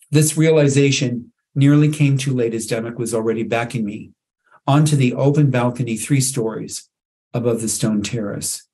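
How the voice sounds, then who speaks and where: A man, an author, reading his own literary fiction aloud at an online writers' event in a measured, dramatic storytelling manner. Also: medium pitch, warm tone.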